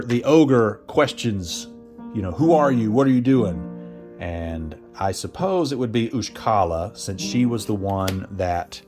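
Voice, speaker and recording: A man's voice: lowish voice, darkish tone. A man narrating a solo tabletop game, chatting and thinking aloud as he rolls dice and laughs at bad results.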